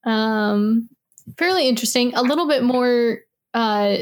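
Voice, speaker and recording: A woman's voice: fairly high pitch, measured pace. A woman co-hosting a casual review chat, thinking aloud as she talks. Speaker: podcast co-host.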